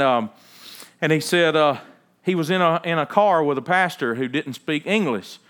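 A pastor delivers his sermon in a somewhat high-pitched male voice. He tells stories in a loose, conversational way and then presses his points with emphatic preaching. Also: fairly bright tone, clear, resonant tone.

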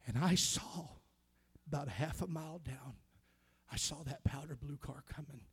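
High-voiced pastor, whispering to shouting. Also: male voice, moderate pace, breathy edge. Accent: American. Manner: swings from hushed whispers to shouting praise. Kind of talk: sermon storytelling.

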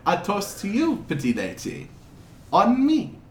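A man's voice: sits high, wildly swooping pitch, a little slow, darkish tone, voice pushed up, full character voice. A man doing a flirty stranger with a wandering accent. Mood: flirtatious. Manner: eccentric, fumbling idioms, overly friendly. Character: odd flirtatious man, accent jumping around. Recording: roomy, noisy.

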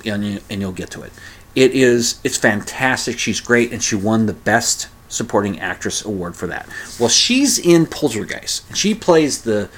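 A man's voice: medium pitch, fairly bright tone. Man in his fifties, podcast host, casual solo monologue, rambling, self-deprecating, mildly profane. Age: 50s. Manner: rambling, grumbling and self-deprecating, with frequent restarts and mild swearing.

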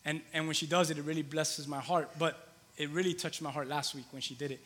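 A man's voice: fairly high pitch, fairly even intonation, fast talker, fairly bright tone, long reverb tail. A man in his thirties preaching a conversational sermon in a church, repeating phrases for emphasis. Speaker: pastor. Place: church hall with long reverb.

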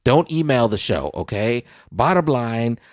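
A man hosting a comedic podcast, reading joke op-eds with animated, swooping delivery and frequent "okay?" asides. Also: unhurried, dry recording, clean studio sound. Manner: animated, swooping pitch, repeats "okay?" for emphasis. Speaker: podcast host.

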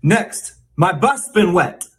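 A man hosting a podcast, presenting a mock language lesson with a teasing, drawn-out teacher delivery. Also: high voice, very animated, a bit bright. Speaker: podcast co-host.

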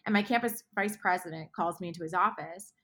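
A woman guest author speaking earnestly in a faith podcast conversation, often dropping to hushed tones. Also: on the low side, brisk.

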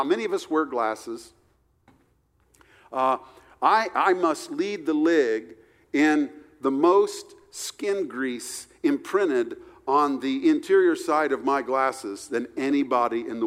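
Male pastor, fairly high voice, earnest sermon delivery, slow emphatic scripture reading, church hall with long reverb. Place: church sanctuary.

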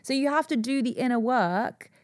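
A woman with a British accent, a yoga teacher, speaking earnestly and reflectively in a casual conversation, slowing to stress her points. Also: high-pitched, animated, no room sound, clean studio sound.

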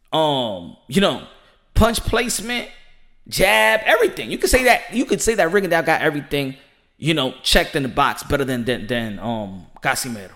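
A fairly high-voiced man riffs through a boxing podcast from a room at home. He talks in an excitable, slangy rush, circling back to "ladies and gentlemen" again and again. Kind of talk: animated boxing commentary monologue. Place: home room with children nearby. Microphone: home setup.

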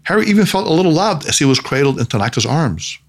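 Male narrator for a storybook, lively pitch, measured delivery.

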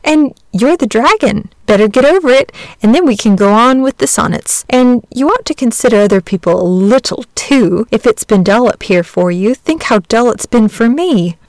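Lady doing a keen little village boy, high voice, pleading a lot. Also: lively intonation, normal speed, few pauses, darkish tone, dry recording. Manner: eager and pleading. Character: eager, excitable young village boy.

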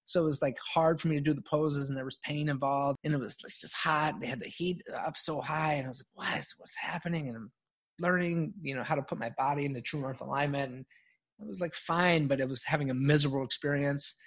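A middle-aged man, a guest on a podcast, telling a personal story in an animated, self-mocking way and laughing often. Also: a little high, brisk. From United States.

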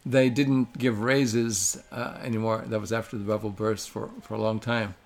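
An older man, a podcast guest, speaking mildly and haltingly with many pauses and fillers. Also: fairly low pitch, flat delivery, vocal fry, faint music behind. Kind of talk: casual podcast chat.

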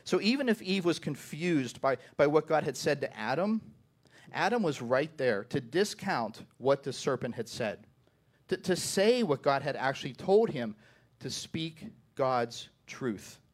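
Man preaching with a slightly high voice. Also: big pitch swings, unhurried. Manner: repeats words at the start of phrases, asks the listeners "right?". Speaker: pastor. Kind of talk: sermon.

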